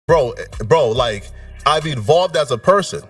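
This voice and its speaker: A man's voice: on the high side, expressive, measured pace, soft background music. Hesitant young man full of fillers. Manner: hesitant, repeats fillers like right and bro. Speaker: guest in a played clip. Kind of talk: explaining himself in a casual talk.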